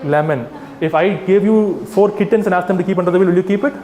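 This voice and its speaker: A man, an animal rights activist, giving an animated talk to a live audience and addressing them directly. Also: sits high, fast. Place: hall with an audience. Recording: echoey hall, faint ambience.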